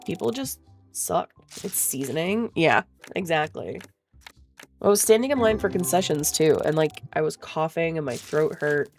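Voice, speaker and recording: A woman's voice: deep voice, expressive, moderate pace, vocal fry, soft background music. A woman vlogger telling a story in casual chat, blunt and profane, laughing often.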